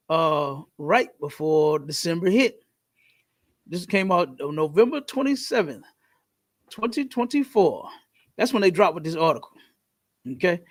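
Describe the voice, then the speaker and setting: A man hosting a podcast in casual, slangy talk, telling stories in an animated way. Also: high voice. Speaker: podcast host.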